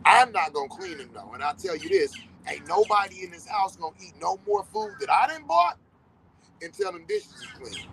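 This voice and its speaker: A middle-aged man with a high voice and vocal fry hosts a podcast, captured in poor audio with a little hiss or hum. Casual and profane, he talks bluntly and keeps hammering points by repeating them. He animates his stories with dialogue quoted aloud.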